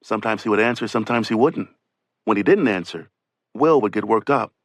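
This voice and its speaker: A man's voice: fairly low pitch, a little fast, dry recording. A man narrating an oral history audiobook, telling a rescuer's account in first person with a conversational delivery. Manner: voices witness testimony in first person, conversational.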